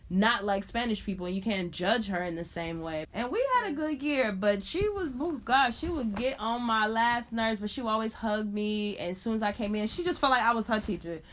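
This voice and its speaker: A woman from Chicago in her thirties, a podcast guest telling stories in a lively, expressive way, acting out quotes and laughing often. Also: medium pitch. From Chicago, USA. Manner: animated, expressive storyteller who laughs often and acts out quotes. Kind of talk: casual storytelling interview.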